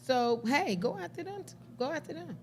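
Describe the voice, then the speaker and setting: A woman's voice: high voice, animated, moderate pace. A woman co-hosting a comedy podcast, talking in a sassy, eager way and talking herself up. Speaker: podcast co-host. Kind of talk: casual panel chat.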